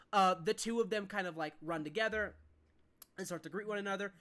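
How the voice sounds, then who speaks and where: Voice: medium pitch, moderate pace, fairly bright tone. A game master narrating a tabletop game in a rambling way, with many fillers.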